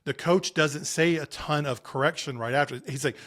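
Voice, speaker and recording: A man's voice: a little high, normal speed, fairly bright tone. A man in his late thirties, a podcast guest on sports parenting, telling stories and giving advice in an earnest, emphatic way with frequent restarts. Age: 30s. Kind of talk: conversational interview.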